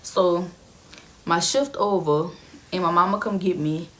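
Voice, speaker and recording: A woman's voice: on the low side, measured pace, fairly bright tone. A young adult woman casually telling a personal story to her viewers in a chatty, emphatic way. She often repeats phrases for effect.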